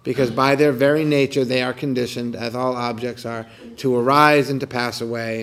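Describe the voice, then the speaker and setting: Guy leading a meditation outside, calm and gentle, mid-pitched voice, lots of soft repeated questions. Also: moderate pace. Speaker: meditation teacher. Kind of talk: guided meditation talk. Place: outdoors on a morning walk.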